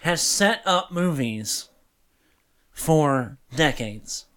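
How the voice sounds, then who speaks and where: A man's voice: on the high side, lively intonation, very slow, fairly bright tone, clear, resonant tone. A man co-hosting a casual chat, easygoing and agreeable, often chiming in with short affirmations. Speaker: podcast co-host.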